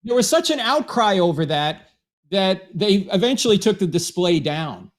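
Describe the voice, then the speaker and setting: Wry, questioning man with a higher voice. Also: very animated, moderate pace. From New Jersey. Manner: wry, questioning, with self-deprecating jokes. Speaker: show host. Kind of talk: casual conversation.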